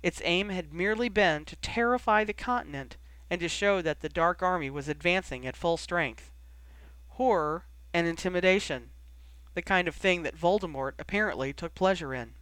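A narrator reading a story aloud in a steady, even manner. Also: mid-range voice, moderate pace, smooth, no echo, poor audio. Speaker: audiobook narrator. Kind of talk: scripted narration.

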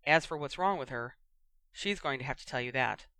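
A narrator voicing a grim older wizard who gives quick, curt orders in a fiction audiobook. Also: medium pitch, expressive, sharp tone, clear, resonant tone, dry recording, voice pushed down.

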